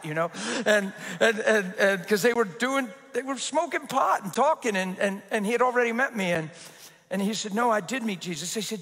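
High bright-voiced preacher man in a hall. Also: moderate pace. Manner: animated, laughing, acts out quoted voices. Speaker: pastor. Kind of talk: sermon with storytelling. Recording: reverberant hall.

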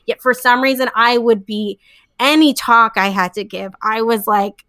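A woman's voice: on the high side, steady tone, moderate pace, a bit bright, no echo, studio quality. A young woman, a comedian and scientist, chatting casually in an interview with many fillers and frequent laughs. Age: young adult.

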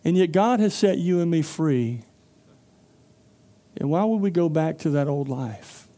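Preaching a sermon in a folksy, storytelling style, this pastor acts out the characters as he goes. His slightly high voice is warm and mellow, animated yet measured in pace.

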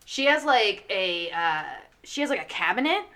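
A bright-voiced woman in a loose podcast chat, sprinkling her family stories with filler words. She talks in a relaxed, rambling way. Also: mid-range voice, moderate pace. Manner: chatty storyteller, lots of "like" fillers. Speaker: guest.

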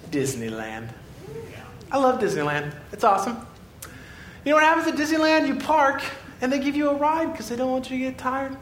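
Animated man preaching in an echoey hall. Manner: animated storytelling, swings between excited and quiet. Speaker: pastor. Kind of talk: sermon. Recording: echoey room with faint rumble.

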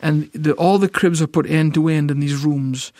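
A man's voice: a little high, fairly even intonation, normal speed, a little mellow, no room sound, studio quality. A middle-aged Scottish man telling an emotional personal testimony, stammering and repeating words as he tells it vividly. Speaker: ministry founder, guest.

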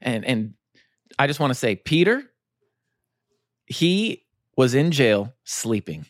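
A man's voice: mid-range voice, sing-song, slow pace, dry recording, studio quality. A man who pastors a small church, telling a personal story in an earnest, passionate way on a casual faith podcast.

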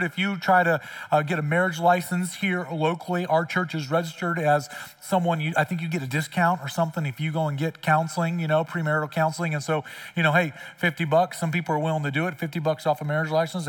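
A man's voice: a little high, fairly bright tone, distant mic. A middle-aged man preaching a sermon as pastor in a church, conversational and blunt, repeating lines for emphasis. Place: church sanctuary.

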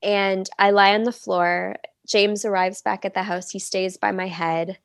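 A woman's voice: mid-range voice, flat delivery, unhurried, vocal fry, dry recording. Chatty woman telling her birth story. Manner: chatty, many "like" fillers, acts out quoted speech. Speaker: podcast guest. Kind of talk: casual personal storytelling.

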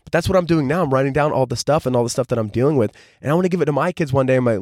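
A man's voice: mid-range voice, rapid-fire, hardly any pauses, a little mellow, no room sound, clean studio sound. A man in his twenties hosting a solo podcast, talking casually and reflectively, rambling with lots of filler words. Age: 20s. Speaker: podcast host.

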